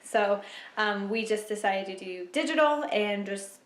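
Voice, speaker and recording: A young woman vlogger chatting casually to camera at home, emotional and quick to laugh. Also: mid-range voice. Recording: echoey room.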